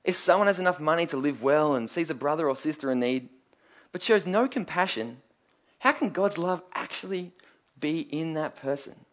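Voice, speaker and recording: An earnest male preacher, his voice sitting a little higher than most men's. He drives his points home with emphatic repetition and rhetorical questions, moving between scripture and personal stories. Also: expressive, normal speed, fairly bright tone. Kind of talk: sermon.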